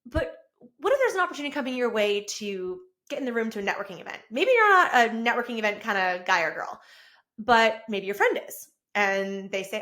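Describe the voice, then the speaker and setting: Fairly quick and slightly high-pitched, a woman in her thirties chats through a casual solo episode of her own podcast. The camera she records herself with catches her enthusiastic, effusive manner as it swells into excited bursts.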